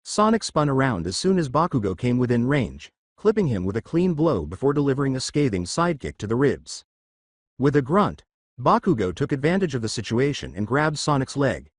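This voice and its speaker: A man narrating a fan fiction story, reading at an even storytelling pace. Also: mid-range voice, fairly quick, no echo.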